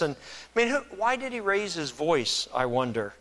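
A man delivers a sermon in a bright, forceful voice that sits a little high for a man. He moves from quiet, reflective stretches to rising, emphatic preaching. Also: big pitch swings, normal speed. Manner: builds from soft reflective to loud emphatic preaching. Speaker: pastor.

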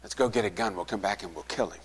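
A pastor tells a story from the pulpit, his low voice carrying through a reverberant church. He voices both sides of the conversation and sinks to a hush when the story turns grave. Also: fast, breathy edge. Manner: retells a conversation, acting out both sides, softening to a hush at sad moments. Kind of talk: sermon storytelling.

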